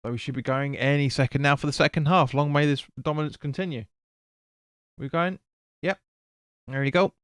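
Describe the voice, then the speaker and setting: A man's voice: fairly high pitch, fairly even intonation, moderate pace, pauses often, a bit bright, clear, resonant tone, no echo, clean studio sound. A man hosting a live football watch-along, chatting casually, swearing and stumbling over player names. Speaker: fan stream host.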